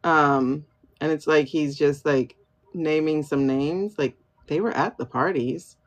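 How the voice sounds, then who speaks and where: A woman's voice: sits low, slow. A woman hosting a livestream tarot reading, musing aloud and chatting with viewers by name. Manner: muses aloud, asks herself questions and answers them. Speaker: tarot and pendulum reader, livestream host. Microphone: phone livestream.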